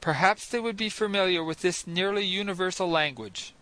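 Male audiobook narrator, high bright voice, measured, dry close sound. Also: dry recording, rough recording. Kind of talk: scripted first-person narration.

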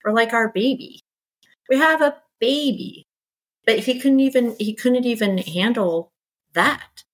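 A middle-aged woman, a podcast guest, telling her story in candid conversation and acting out exasperated quotes in lively bursts. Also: fairly high pitch, measured pace, poor audio. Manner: animated, exasperated, quoting others in lively bursts.

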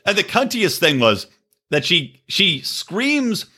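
A man co-hosting a podcast, swearing freely as he recaps a reality show with lively mimicry. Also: unhurried, breathy edge. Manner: profane, animated storytelling with shrill mimicry. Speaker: podcast co-host. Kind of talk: crude casual chat, recapping a reality show.

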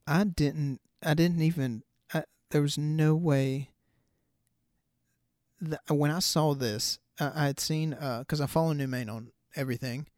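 A man of middle pitch rants through a solo podcast in a loose, profane, rambling way, full of ums and restarts. The sound is dry and close, with no room around his voice. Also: a little mellow, no room sound. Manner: loose, profane, chatty with many fillers. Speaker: podcast host. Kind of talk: casual solo podcast rant.

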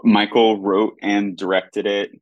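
A man's voice: on the low side, level tone, takes it slowly, no echo, muffled recording. A man, an actor and producer, chatting animatedly as a guest, with lots of restarts. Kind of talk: casual interview chat.

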